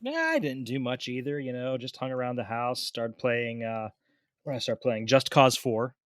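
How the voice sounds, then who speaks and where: A man's voice: mid-range voice, normal speed, no room sound, studio quality. Laid-back man telling a story. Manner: relaxed storyteller, repeats words as he talks. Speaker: podcast co-host. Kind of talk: casual chat.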